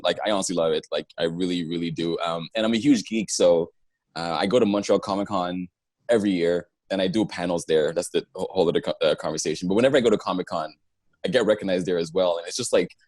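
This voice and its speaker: A man who is a singer-songwriter and actor, chatting casually as a guest in an interview. He is animated, laughs often and restarts his sentences. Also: low-pitched, fast talker, no room sound.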